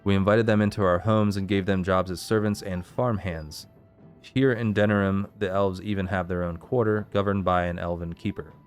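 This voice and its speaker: A man's voice: low voice, steady tone, moderate pace, clear, resonant tone, faint music behind. A man hosting a let's play, reading game lore entries aloud and stopping now and then to puzzle over how to say a name.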